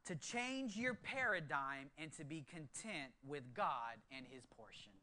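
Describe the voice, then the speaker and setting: Excitable high-voiced male preacher. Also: measured pace, slight background noise. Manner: swings from hushed earnest low tones to excited bursts. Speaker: pastor. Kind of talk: sermon.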